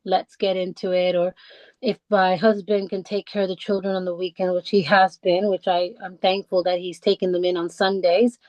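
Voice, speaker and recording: A woman's voice: on the low side, flat delivery, a little mellow, no room sound, rough recording. Dry-sounding woman telling her story. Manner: halting, many restarts and fillers, heartfelt. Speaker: podcast guest. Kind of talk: personal conversational storytelling. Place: lives in the English countryside.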